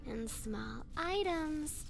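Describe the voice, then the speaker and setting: A woman's voice: sits high, animated, extremely slow, gravelly, heavily acted. A cryptic young girl in a horror game. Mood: urgent. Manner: cryptic, urgent warnings. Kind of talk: video game dialogue.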